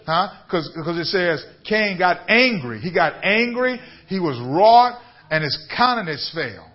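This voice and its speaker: A man's voice: sits high, animated, a little slow, hardly any pauses, lo-fi sound. A man, a bishop preaching a radio sermon, building up to emphatic repeated questions to his listeners. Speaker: bishop and pastor.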